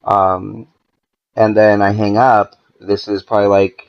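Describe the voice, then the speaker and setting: A man's voice: on the low side, a little slow, clear, resonant tone, lo-fi sound. A man, a podcast guest, telling a story in a casual, profane way and acting out the dialogue as he goes. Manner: profane, animated, acts out quoted dialogue.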